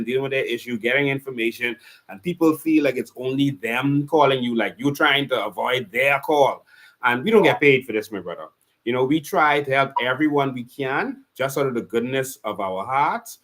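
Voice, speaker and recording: A man with a Bahamian accent hosting a live call-in talk show, speaking earnestly and repeating a phone number slowly. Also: mid-range voice, fairly bright tone.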